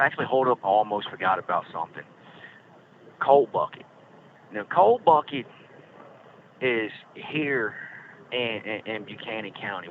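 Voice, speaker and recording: Brief: middle-aged man, folksy rambling storyteller, tinny phone line with faint hiss. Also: lowish voice. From Virginia Blue Ridge foothills. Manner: rambling, folksy, lots of fillers. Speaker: podcast host calling from prison. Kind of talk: casual storytelling. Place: prison.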